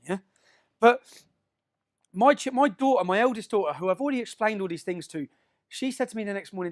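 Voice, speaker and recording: A man giving an emphatic speech to an audience, often checking in with a quick "yeah?". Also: sits high, lively intonation. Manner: emphatic, keeps asking "yeah?" to the crowd. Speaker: public speaker.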